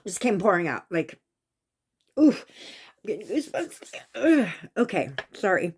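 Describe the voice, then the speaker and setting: A woman vlogger telling her own psychic experience in a casual, animated way, raising her voice at the tense parts. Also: mid-range voice, unhurried, creaky, breathy edge. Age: adult with a son. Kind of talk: casual storytelling monologue.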